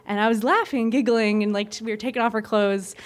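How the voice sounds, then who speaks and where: A young woman tells a funny true story on stage in a candid, animated way, and she slips into the voices she quotes. Her voice sits a little high. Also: quick pace. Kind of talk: live comic storytelling. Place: stage before a live audience.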